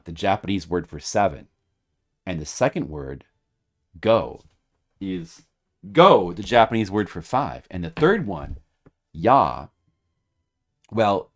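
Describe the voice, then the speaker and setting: A man streaming a retro video game, talking to his audience in a mock-dramatic way that swings from loud hype to quiet muttering. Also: low voice. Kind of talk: casual gameplay commentary. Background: video game music.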